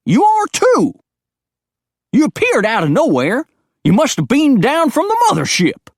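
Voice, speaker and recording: A man's voice: very high-pitched, huge pitch swings, a little slow, no echo, studio quality, pitched above the performer's own voice, exaggerated voice. A man voicing a cranky, paranoid old hillbilly who turns into a bear. The figure hollers in a folksy drawl. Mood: hollering, suspicious.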